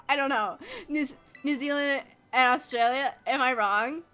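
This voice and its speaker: A woman's voice: high-pitched, unhurried, a bit bright, clear, resonant tone, soft background music. A young woman streaming a video game, chatting casually in a bubbly, rambling way, laughing often and swearing freely. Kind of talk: casual live-stream chat while gaming.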